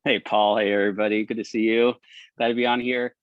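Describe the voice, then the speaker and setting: A man on a video call, chatting in a relaxed, friendly way as he describes his work. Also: fairly low pitch, quick pace, clear, resonant tone, no room sound. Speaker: participant in a Q&A session. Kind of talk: casual chat. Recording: dull, dry lo-fi audio.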